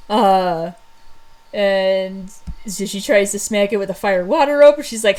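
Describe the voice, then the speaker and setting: A woman's voice: medium pitch, fairly even intonation, a little mellow, a little hiss or hum, rough recording. Rambling casual woman storyteller. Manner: rambling with many fillers and quick laughs. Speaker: storyteller recapping old stories. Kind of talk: casual chat.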